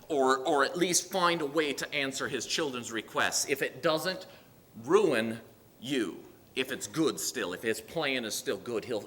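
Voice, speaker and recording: A man preaching a sermon in an earnest, pleading way, with loud emphatic bursts. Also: mid-range voice. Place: church sanctuary. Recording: long hall reverb.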